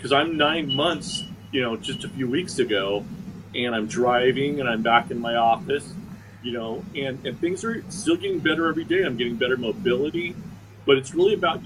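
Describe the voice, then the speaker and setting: A man's voice: medium pitch, lively intonation, moderate pace, background noise. A man guest on an online talk show, telling his story sincerely and with determination. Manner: sincere, determined, with slight restarts. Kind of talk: interview storytelling.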